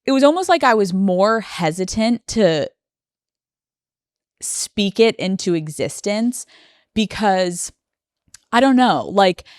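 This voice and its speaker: A young woman hosts a solo podcast, speaking in a personal, confessional monologue and close to tears. Her medium-pitched voice is clear and resonant with lively intonation, a slow pace and long pauses. The studio microphone gives a dry recording.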